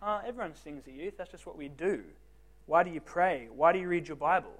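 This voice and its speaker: A man's voice: fairly high pitch, a little fast. A young man giving a casual youth group talk, joking and self-deprecating, asking the teens direct questions. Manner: talks straight to the teens with questions.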